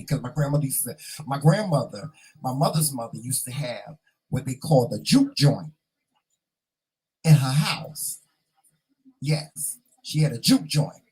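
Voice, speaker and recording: A man from North Carolina, chatting casually on his vlog as host, repeating himself and sounding proud and excited. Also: mid-range voice, breathy edge, poor audio.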